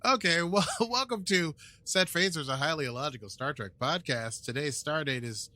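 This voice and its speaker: American guy on a podcast, bright clear voice, goofy and laughing a lot, running through the episode. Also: fairly high pitch, moderate pace. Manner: laughs often, jokey, playful. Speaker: podcast co-host. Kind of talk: casual chat and episode recap.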